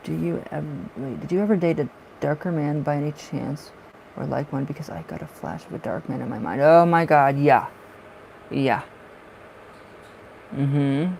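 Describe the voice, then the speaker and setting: A man with a raspy smoker's voice doing tarot readings on a livestream, chatting in a rambling way and laughing often. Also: fairly high pitch, normal speed, pauses often, a little mellow, slight background noise, poor audio. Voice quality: raspy from smoking. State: short of breath at times. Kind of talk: casual livestream chat.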